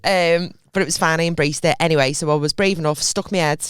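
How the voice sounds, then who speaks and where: A young woman, co-hosting a podcast and telling a story with lively acted-out reactions. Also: deep voice, rapid-fire, smooth, dry recording, studio quality. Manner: animated storyteller, acts out her own reactions. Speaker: podcast co-host. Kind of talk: casual chat.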